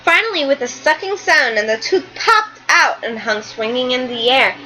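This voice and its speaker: High bright teacher reading to class. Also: female voice, normal speed, soft background music, poor audio. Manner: animated, explains words and pictures to children. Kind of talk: reading a picture book aloud to a class.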